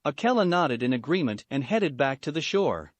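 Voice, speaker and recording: Male storyteller, steady delivery, dry booth sound. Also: a little high, moderate pace, no room sound. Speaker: fan fiction narrator. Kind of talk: scripted narration.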